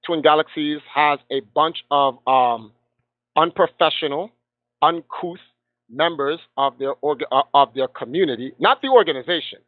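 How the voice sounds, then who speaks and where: A man's voice: a little high, normal speed, no room sound. A man guest telling a heated story with passion, acting out the voices of people he quotes. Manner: passionate, acts out quoted dialogue. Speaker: guest gamer. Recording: tinny phone line.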